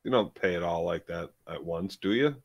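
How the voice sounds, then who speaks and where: A man with a very low voice chimes in on a TV recap chat, mostly with short agreements and dry jokes. His voice is deep and sounds dry, with no room echo. He keeps his lines brief and offhand. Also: a little fast, lo-fi sound. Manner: brief agreeing interjections, wry asides. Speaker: podcast co-host.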